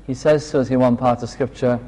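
A man's voice: mid-range voice, fairly even intonation, warm tone. Man preaching in an echoing hall. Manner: slow, earnest storytelling with quoted dialogue. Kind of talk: sermon. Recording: long reverb of a hall.

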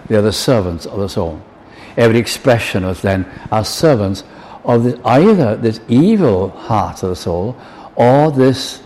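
A man's voice: on the low side, mellow, a little hiss or hum. An older man preaching a sermon, earnest, quoting hymn lines and acting out little dialogues. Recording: long reverb in a large hall, faint ambience.

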